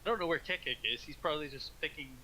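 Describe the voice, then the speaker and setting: Very bright-voiced joking man. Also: fairly high pitch, fast, a little hiss or hum, low-quality recording. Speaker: player. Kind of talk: casual chat during a tabletop game.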